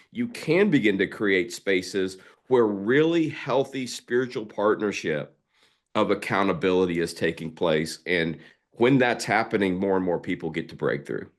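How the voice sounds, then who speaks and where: Man, low voice, earnest, explanatory, casual teaching talk. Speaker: ministry leader.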